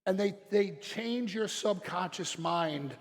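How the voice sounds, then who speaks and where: A middle-aged man speaks from a stage in a large hall, and his words ring out with a long tail of reverb. His voice sits a little high and has a gravelly, fried edge. He talks bluntly and with passion, dropping to quiet reflection and then pushing hard on a point. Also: takes it slowly. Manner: blunt, passionate, swings between quiet and forceful. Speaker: chiropractic speaker. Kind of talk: motivational stage talk.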